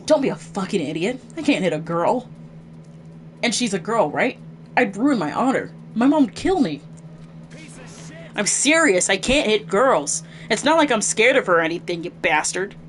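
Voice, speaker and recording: A woman reading game lines aloud as a hot-headed, foul-mouthed young male gang leader, gruff and swearing. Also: mid-range voice, sing-song, normal speed, slight background noise, close to an everyday voice. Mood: indignant.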